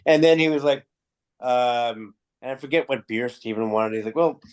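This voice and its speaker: A man's voice: medium pitch, moderate pace. Man telling a story with quoted dialogue. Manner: animated anecdotes, acting out quoted dialogue, frequent swearing. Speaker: guest, music promoter. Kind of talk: casual storytelling interview.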